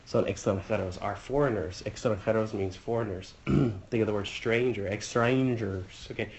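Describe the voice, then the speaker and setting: A man with a fairly low voice talks through a review lesson, pausing with fillers and translating phrase by phrase. The recording carries a faint background hiss. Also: darkish tone, lo-fi sound. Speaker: Spanish teacher or tutor. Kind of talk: casual exam-review walkthrough.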